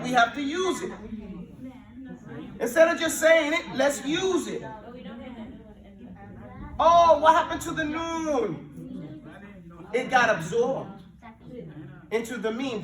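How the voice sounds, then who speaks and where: A man teaching an Arabic class, drilling his students in call-and-response and mixing Arabic with English as he explains words with lively emphasis. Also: very high-pitched. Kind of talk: classroom language lesson. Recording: echoey room, mic at a distance.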